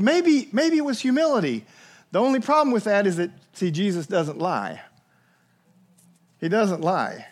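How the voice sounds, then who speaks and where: A man delivers a sermon with lively energy. His voice sits high for a man, and he slips into little acted voices for the people he quotes. He keeps turning to his listeners with questions. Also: moderate pace. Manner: animated preacher, acts out quoted voices, asks the listeners questions. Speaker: pastor.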